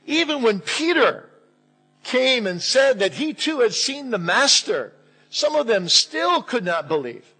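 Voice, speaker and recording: A male pastor gives a church sermon in a bright, forceful tone at a slightly raised pitch, with a husky grain throughout. He speaks deliberately and lifts his voice to stress key phrases. The audio quality is poor.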